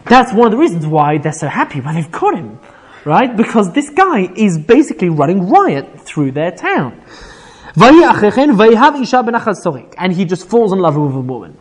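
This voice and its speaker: A man's voice: high voice, moderate pace, slightly rough. A man teaching an informal Bible class, retelling the story with energy, quoting Hebrew verses and checking in with "right?" as he goes. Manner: animated storytelling, quotes Hebrew verses then paraphrases, frequent "right?".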